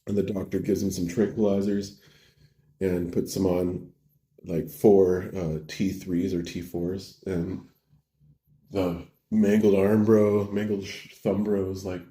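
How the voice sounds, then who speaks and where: A preacher telling a parable in a casual, slangy way, full of like and bro. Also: male voice, deep voice, level tone, a little slow, dark tone. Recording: roomy echo.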